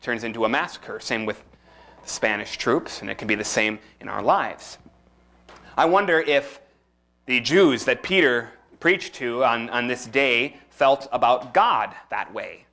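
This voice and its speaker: A man preaching a sermon as pastor, lively and expressive, acting out the voices he quotes. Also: mid-range voice, a little slow.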